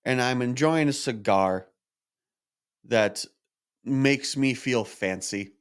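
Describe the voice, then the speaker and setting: A man's voice: medium pitch, takes it slowly, clean tone. A man, a podcast host, telling a personal story in a candid, self-reflective monologue, openly frustrated and swearing at times.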